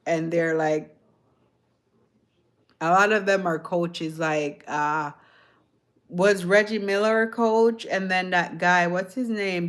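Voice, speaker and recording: A woman's voice: fairly low pitch, fairly bright tone. A woman with a light Jamaican accent rambling casually to her live viewers, chuckling often and asking them questions. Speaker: livestream host.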